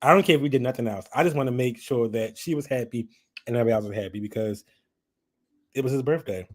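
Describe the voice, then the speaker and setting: A man's voice: mid-range voice, quick pace. A man, chatting and laughing as he hosts a live stream. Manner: chatty, laughing, lively retelling. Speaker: livestream host. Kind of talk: casual live chat.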